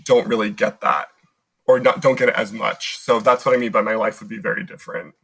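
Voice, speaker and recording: A man's voice: lowish voice, steady tone, brisk, creaky, fairly bright tone, slightly rough, rough recording. A young American man in casual conversation as a podcast guest, talking in loose, rambling sentences full of "like" and restarts. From United States. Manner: chatty, lots of "like" fillers and restarts.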